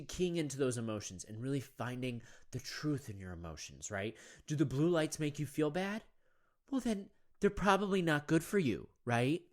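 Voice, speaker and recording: A man's voice: a little high, a little mellow. A man hosting a podcast in a loose, rambling monologue. He sounds conspiratorial and keeps firing off rhetorical questions. He tags nearly every thought with "right?" or "you know". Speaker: podcast host.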